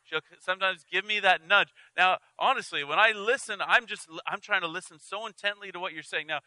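A man's voice: high voice, brisk, pushed and bright, no echo, low-quality recording. A man as pastor preaching an earnest, conversational sermon with frequent restarts and asides.

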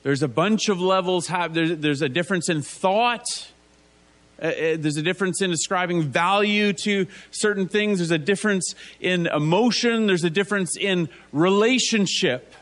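High-voiced man preaching conversationally. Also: moderate pace, fairly bright tone. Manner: asks rhetorical tag questions; acts out biblical figures in casual voices. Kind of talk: conversational sermon.

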